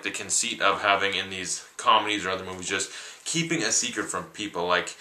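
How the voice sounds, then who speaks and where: A man's voice: on the low side, bright, forceful tone. A young man reviewing a film in a casual, rambling way, full of "like"s. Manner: rambling, offhand, many "like"s. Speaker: movie reviewer. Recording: echoey room.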